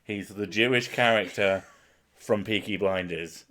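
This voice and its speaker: A man's voice: lowish voice, a little slow, pushed and bright. A young man hosting a stream, chatting casually with a co-host in jokey, sweary banter and laughing often.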